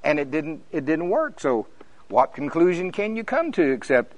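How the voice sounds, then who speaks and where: A man's voice: measured pace, rough recording. Fervent older preacher man. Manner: fervent, preachy, rising to high excited peaks when telling stories. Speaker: pastor. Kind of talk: sermon.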